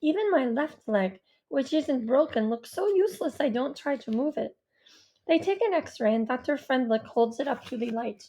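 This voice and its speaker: A woman narrating a first-person novel in a gentle, wistful way. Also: high voice, animated, moderate pace. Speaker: audiobook narrator.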